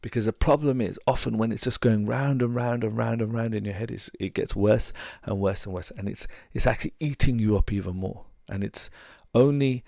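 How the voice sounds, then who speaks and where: Man, very low gravelly voice, dry close sound; earnest coach who repeats himself for emphasis. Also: a little mellow, no room sound. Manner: earnest, repeats words for emphasis, many restarts. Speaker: relationship coach and hypnotherapist. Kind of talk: advice talk to camera.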